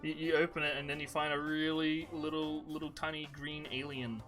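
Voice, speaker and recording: A man hosting a podcast, telling animated made-up stories in casual chat, full of fillers. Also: fairly high pitch, brisk, soft background music. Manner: animated storytelling, many fillers. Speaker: podcast host.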